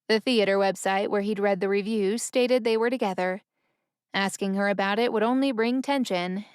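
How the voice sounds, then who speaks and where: Brief: female audiobook narrator, smooth and resonant, dry close studio sound, even pacing. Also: medium pitch, no echo.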